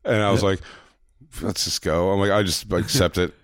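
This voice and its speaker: A man's voice: low voice, fairly even intonation, moderate pace, clean tone, no room sound, studio quality. A man co-hosting a podcast, telling a long story in casual chat, full of fillers and acted-out quotes. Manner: rambling, filler-heavy, acts out quoted lines. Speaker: podcast co-host.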